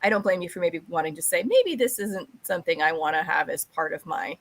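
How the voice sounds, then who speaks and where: An American woman with a Californian accent, hosting a casual podcast chat, animated and acting out little quotes. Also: a little fast. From United States. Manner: animated, acts out quotes, swings high when excited.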